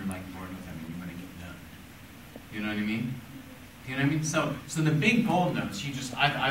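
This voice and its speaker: A middle-aged man coaches a young violinist, patient and encouraging, his voice lively and swinging up and down. He sounds set back from the mic in an echoey conservatory room, with violin music loud behind him. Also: mid-range voice, recorded from a distance. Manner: encouraging, patient, asks questions. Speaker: violin teacher giving a critique. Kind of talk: gentle coaching of a child.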